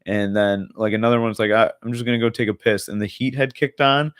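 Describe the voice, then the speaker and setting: A young man co-hosts a podcast, rambling through casual chat full of filler words and swearing. His lowish voice moves fairly quickly with fairly even intonation, and the clean studio recording has no room sound.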